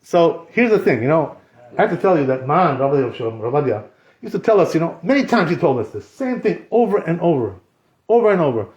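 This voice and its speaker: A man teaching a Torah class as a rabbi, animated and joking, with many rhetorical questions. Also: fairly high pitch, a little fast. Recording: echoey room, slightly dull.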